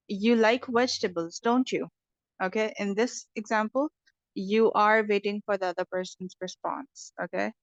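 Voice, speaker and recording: A woman's voice: medium pitch, dry recording, highs cut off. A woman teaching an English lesson. She explains patiently, step by step, and often checks whether her student understands.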